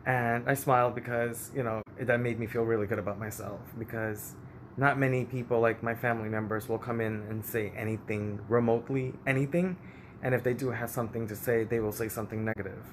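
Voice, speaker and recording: A man's voice: medium pitch, steady tone, fairly quick, slight background noise. Guy venting about his family, candid and emotional, storytelling vlog style. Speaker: vlogger. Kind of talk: personal storytelling.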